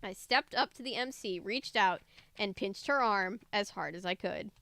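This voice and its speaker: A woman's voice: medium pitch, normal speed, no echo. Woman reading a story aloud, dry close mic. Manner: lively dialogue voices, chatty joking asides. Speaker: reader of a book aloud.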